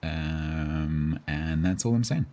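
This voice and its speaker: A man's voice: a bass voice, slow, mellow. A man streaming live, chatting casually with his viewers about role-play characters in a rambling, self-interrupting way.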